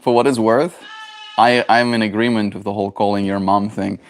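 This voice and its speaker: A man's voice: on the low side, fairly even intonation, fairly quick. A young man livestreaming, chatting casually and reflectively with his viewers. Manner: rambling, reflective, talks to chat. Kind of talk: casual daily stream chat.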